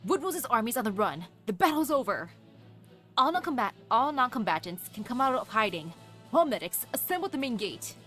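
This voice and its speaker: A woman's voice: on the high side, big pitch swings, a little fast, a bit bright, faint music behind. A woman voicing an earnest young male knight from a game, solemn and announcing. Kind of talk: reading game dialogue aloud.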